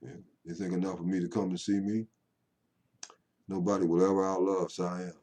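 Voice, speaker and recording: A man's voice: low-pitched, flat delivery, normal speed, mellow. An older man talking at home to camera in a rambling, folksy monologue that swings into call-and-response preaching. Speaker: poet vlogger.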